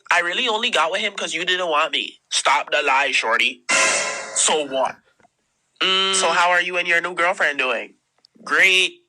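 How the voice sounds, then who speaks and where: A young guy from Toronto in a comic love-triangle skit, laying the local slang on thick. The voice sits a little high and the delivery is slow and drawn out. It comes from a clip played back from a video, in a bright, sharp tone. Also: full character voice, low-quality recording. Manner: exaggerated slang-heavy delivery. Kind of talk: comedic skit dialogue.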